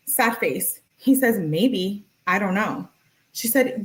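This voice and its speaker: A woman's voice: medium pitch, slow, rough recording. A young woman hosting a commentary stream, reading text messages aloud with playful asides and casual chatter. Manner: chatty and playful, laughs often, reads messages with lively emphasis. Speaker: true crime commentary host.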